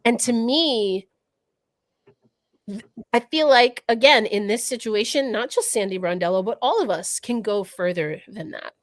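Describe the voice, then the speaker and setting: She's a podcast co-host on a casual livestream discussion, speaking at a measured pace in a fairly high voice. Her manner is reflective and thoughtful, and she thinks out loud with many restarts as she works through ideas. There's no room sound.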